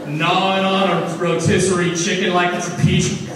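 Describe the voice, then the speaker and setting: A young man does self-mocking stand-up in a fairly high, lively voice. He is heard from a distance in a big hall with long echo and a noisy background. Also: moderate pace. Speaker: stand-up comedian. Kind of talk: stand-up comedy. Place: large hall at a live variety show. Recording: echoey hall from far off, noisy.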